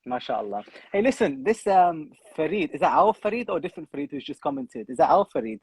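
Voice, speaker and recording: A man's voice: fairly high pitch, very animated, fairly quick, a little mellow, breathy edge, poor audio. A man hosting a podcast in casual chat, jokey and laughing often, a little out of breath. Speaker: podcast host.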